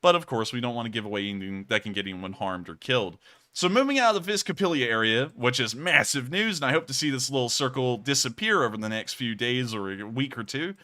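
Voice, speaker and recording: A young man talks through war news on his live stream. His voice is bright and forceful, and he speaks loosely and conversationally, often correcting himself mid-sentence. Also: medium pitch, lively intonation, quick pace. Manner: conversational, self-correcting, says y'all. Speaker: war news livestream host. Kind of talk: casual live-stream commentary over maps and footage.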